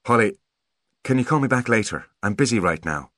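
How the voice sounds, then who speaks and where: A man voicing a calm, self-assured teenage boy genius in an audiobook, dry in tone. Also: fairly low pitch, brisk, no echo, voice pushed up. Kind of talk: audiobook character voice.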